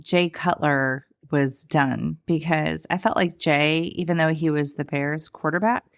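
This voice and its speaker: A woman co-hosting a podcast with a low voice. She chats casually and playfully, and she sometimes trips over her words. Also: fairly even intonation, a little slow, gravelly. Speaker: podcast co-host and editor. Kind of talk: casual chat.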